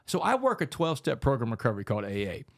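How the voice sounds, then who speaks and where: Guy on a podcast, talks quick, keeps dropping "man", dry close mic. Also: mid-range voice, creaky, dry recording. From Texas, United States. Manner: animated, fast storyteller, keeps saying "man". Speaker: podcast guest, author and speaker. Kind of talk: storytelling in a casual podcast interview.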